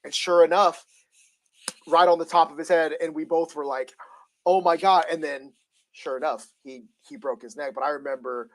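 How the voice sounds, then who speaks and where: A man's voice: a little high, normal speed. A man co-hosting a casual podcast chat, telling stories and acting out his own reactions. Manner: animated storyteller who acts out his own reactions. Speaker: podcast co-host.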